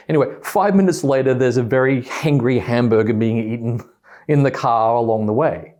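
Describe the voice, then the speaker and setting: A man's voice: mid-range voice, normal speed. A man telling a story to an audience about communication styles, acting out both sides of a quoted argument. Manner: animated, acts out both sides of quoted dialogue.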